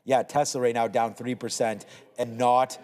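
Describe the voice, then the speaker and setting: A man's voice: mid-range voice, flat delivery, normal speed, darkish tone, in a large hall, rough recording. A man hosting a live trading show, talking through charts in a casual, rambling way with lots of fillers. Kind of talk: live market commentary chat.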